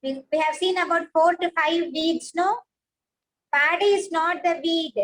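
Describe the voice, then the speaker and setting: A woman's voice: extremely high pitch, unhurried, fairly bright tone, poor audio. A woman, teaching a science class, patiently repeating points and praising pupils by name.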